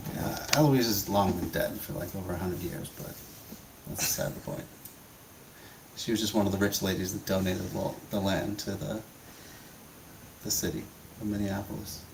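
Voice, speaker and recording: A man's voice: deep voice, fairly even intonation, moderate pace, vocal fry, pauses often, recorded from a distance, background noise. A man hosting a casual stream, chatting and laughing while watching a video, often searching for words. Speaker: stream host.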